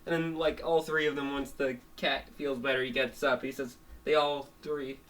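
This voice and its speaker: A storyteller retelling a cartoon episode, halting with many restarts and fillers. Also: mid-range voice, level tone, fairly bright tone. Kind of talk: rambling spoken retelling.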